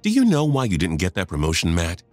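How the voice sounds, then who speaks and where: A man voicing an angry, fed-up wife in her fifties, scolding in sharp outbursts. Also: sits low, sing-song, a little fast, faint music behind.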